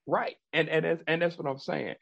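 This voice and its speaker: A man's voice: a little high, fairly even intonation, normal speed, vocal fry, dry recording, muffled recording. A man co-hosting a podcast in casual chat, rambling and repeating words as he builds his point. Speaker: podcast co-host.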